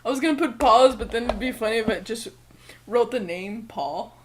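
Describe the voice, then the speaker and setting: A woman's voice: on the high side, moderate pace, a little hiss or hum. A woman co-hosting a podcast in casual chat, teasing and amused. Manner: teasing and amused, laughs often. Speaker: podcast co-host.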